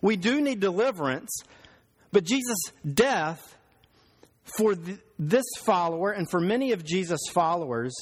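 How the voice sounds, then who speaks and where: A male pastor preaching a sermon, telling stories and slowing down for emphasis. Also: sits high, lively intonation, husky. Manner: storytelling, slows for emphasis. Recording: long hall reverb.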